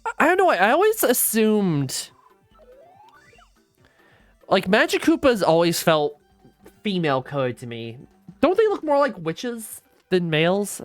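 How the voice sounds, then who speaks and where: A woman's voice: mid-range voice, huge pitch swings, unhurried, pauses often, no room sound, soft background music. A woman giving casual, rambling let's play commentary, swearing freely as she goes. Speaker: gaming streamer.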